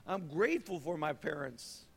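A man, a pastor, giving a sermon in a church in a conversational, animated way, often repeating phrases and checking in with "right?". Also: a little high, moderate pace, creaky, husky. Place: church sanctuary. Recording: long reverb of a church hall.

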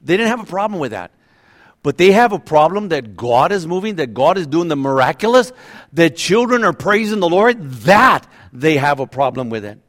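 A middle-aged man pastor preaching a sermon in a conversational, animated way, acting out voices now and then. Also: on the high side, moderate pace.

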